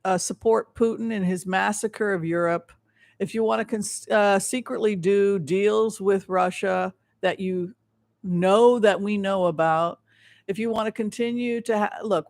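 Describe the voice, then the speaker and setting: A man running a psychic tarot livestream, speaking in a rambling, emphatic way and often restarting his sentences. His voice is high and gravelly. It is recorded close and dry, with no room echo. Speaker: psychic show host. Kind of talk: livestream tarot and remote-viewing commentary.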